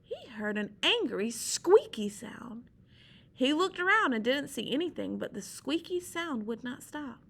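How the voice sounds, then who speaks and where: A woman reading a children's story aloud, with gentle asides explaining it to listeners. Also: high voice, very animated, a little slow, vocal fry, husky.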